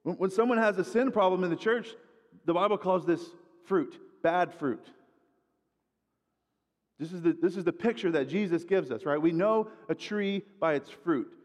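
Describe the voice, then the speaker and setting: Male preacher, slightly high voice, chatty delivery, long church-hall echo. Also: moderate pace. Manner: conversational, repeats words while building points. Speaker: guest preacher. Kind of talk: sermon.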